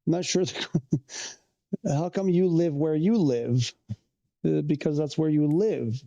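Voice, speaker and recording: A man talks loosely through a livestream, answering viewers as he goes. His voice sits a bit high, with a gravelly, fry-laden edge. The sound is mellow and dark, and he wanders off mid-sentence before picking the thread back up. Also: measured pace, muffled recording. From Canada. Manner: rambling, trails off and restarts, answers chat questions. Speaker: streamer. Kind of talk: casual livestream chat with viewers.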